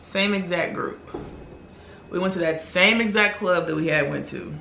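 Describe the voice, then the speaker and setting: A young woman vlogger telling a long story in a casual, animated way while doing her makeup, acting out other people's lines as she goes. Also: lowish voice, normal speed, vocal fry, a little hiss or hum. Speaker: beauty vlogger. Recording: echoey room.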